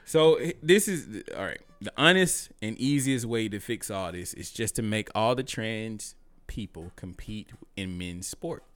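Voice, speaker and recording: A man co-hosting a casual talk show, loud and provocative, swearing as he argues. His pitch swings widely, animated and lively. The sound is dry and close, with no room echo. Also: a little slow. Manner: loud, provocative, profane, laughs and shouts. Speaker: podcast co-host. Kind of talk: casual opinionated chat.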